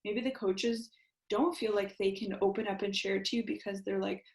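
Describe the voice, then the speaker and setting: A young woman hosts a casual chat, her voice gravelly with vocal fry and her speech full of "like". Her voice carries a roomy echo as she reenacts conversations with lively quoting. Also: medium pitch, moderate pace. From United States. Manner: chatty, many fillers of "like", acts out quotes. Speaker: podcast host, former ice dancer.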